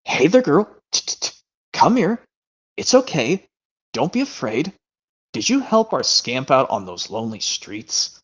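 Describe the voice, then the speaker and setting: A man voicing a gentle, motherly woman who talks softly and coaxingly to her dogs. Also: medium pitch, wildly swooping pitch, a little slow, breathy edge, heavily acted. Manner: soft, coaxing, affectionate. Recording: lo-fi stream audio.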